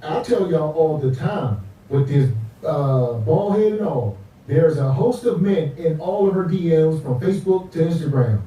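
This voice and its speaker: A man's voice: on the high side, animated, measured pace, mellow. A man co-commenting with a wry, slangy way of talking. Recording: echoey, distant.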